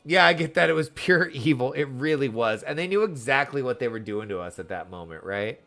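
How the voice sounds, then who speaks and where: A male streamer who gushes about an emotional story game, chatty and full of "like" and "um". His voice swings widely in pitch, sitting at a middling register. Faint game music hums underneath. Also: expressive, a little fast, fairly bright tone. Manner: gushing and openly emotional, chatty with filler words. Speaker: gaming streamer. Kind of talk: casual let's-play commentary.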